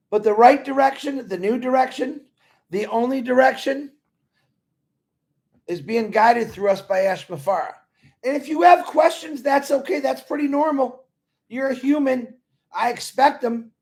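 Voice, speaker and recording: Speaking to company members as a supporter, a man gives a casual motivational talk, earnest and rambling, repeating his points. His voice is extremely high in pitch with a darkish tone.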